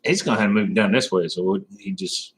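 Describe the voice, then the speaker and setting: A man's voice: fairly low pitch, very animated, a little fast, gravelly, rough recording. A man hosting a casual live stream, rambling and laughing as he talks to viewers by name.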